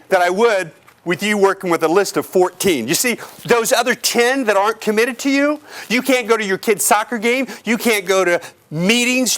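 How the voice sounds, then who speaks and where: High-voiced energetic male sales trainer. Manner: energetic, asks the crowd questions, acts out clients. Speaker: real estate sales trainer. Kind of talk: motivational seminar talk to a live audience. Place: office or meeting room with an audience.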